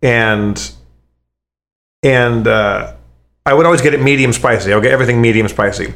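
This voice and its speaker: A man's voice: mid-range voice, normal speed, fairly bright tone. Man, casual chat, rambling, stammering restarts, swears a lot. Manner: rambling, profane, many restarts.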